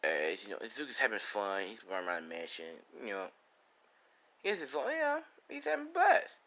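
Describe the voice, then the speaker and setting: A man improvising a story in a rambling, profane, casual way. His voice is bright and his pitch moves a lot. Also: huge pitch swings, a little fast. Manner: rambling, profane, laughs at own jokes.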